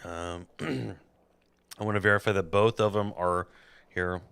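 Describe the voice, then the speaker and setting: A man's voice: deep voice, flat delivery, a little slow, a bit bright, clean tone, dry recording. A man hosting a podcast in casual, rambling chat, laughing at his own jokes. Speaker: podcast host.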